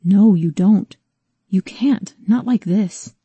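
A woman narrator voicing a worried, protective man who speaks steadily and gently but grows pleading and exasperated. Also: mid-range voice, slow, slightly rough, dry recording, highs cut off.

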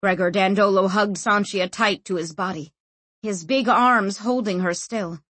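A woman narrating a novel as an audiobook, expressive and acting out every figure. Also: medium pitch, a little slow, no echo. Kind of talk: scripted narration.

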